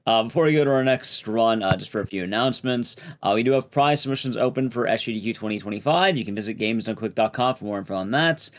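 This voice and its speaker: A man hosting a live speedrun stream, reading announcements in a relaxed way with some dry humor. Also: mid-range voice, quick pace, hardly any pauses. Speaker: show host.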